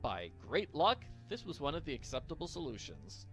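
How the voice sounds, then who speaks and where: A man narrates a comedic parody story, dropping in wry, deadpan asides. His voice is bright and slightly high, and his delivery moves up and down a lot. Soft music plays behind him. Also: normal speed.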